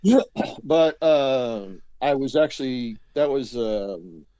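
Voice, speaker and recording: A man's voice: medium pitch, sing-song, takes it slowly, mellow, no room sound, dull audio. A man casually telling a long story as an interview guest, rambling with many fillers and acting out quotes.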